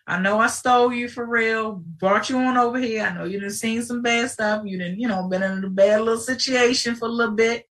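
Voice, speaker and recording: A woman's voice: a little high, fairly even intonation, fairly quick, few pauses, fairly bright tone, far from the mic, natural voice. A woman voicing a smug, falsely cheerful orientation greeter with breezy, condescending welcome patter. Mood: mock cheerful.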